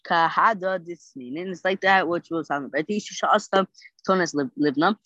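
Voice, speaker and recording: Halting, sleepy Talmud reader, dry lo-fi sound. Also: medium pitch, sharp tone, dry recording. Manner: halting, many fillers and self-corrections. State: sleepy, yawning. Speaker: podcast host teaching the daily Talmud page. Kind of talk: reading and translating Talmud text.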